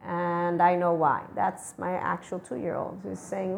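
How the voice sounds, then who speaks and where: A woman's voice: fairly low pitch, flat delivery, vocal fry, slight background noise. Chatty woman hosting a spiritual talk. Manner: chatty, swearing, laughing at herself, quick shifts of tone. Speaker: spiritual channel host. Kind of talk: casual spiritual monologue.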